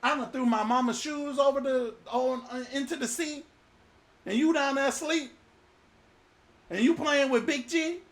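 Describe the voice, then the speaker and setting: A man's voice: extremely high pitch, normal speed, pauses often, pitched above the performer's own voice. A male preacher voicing frightened sailors who scold a runaway passenger, exasperated and colloquial.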